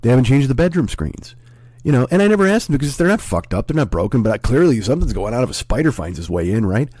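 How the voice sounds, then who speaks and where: A man's voice: mid-range voice, big pitch swings, fast talker, darkish tone, no room sound, studio quality. A middle-aged man telling a rambling, profane comic story as a podcast host, with a casual monologue style.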